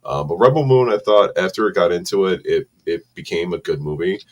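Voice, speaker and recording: Man, low voice, podcast co-host, profane, blunt, casual. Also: animated, a little fast. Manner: crude, profane, blunt and contrary. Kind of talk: casual chat.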